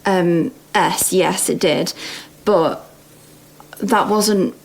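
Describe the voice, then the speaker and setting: Slow, hesitant woman guest. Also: lowish voice, gravelly, poor audio. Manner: hesitant, many ums, giggly. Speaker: podcast guest. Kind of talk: casual interview chat.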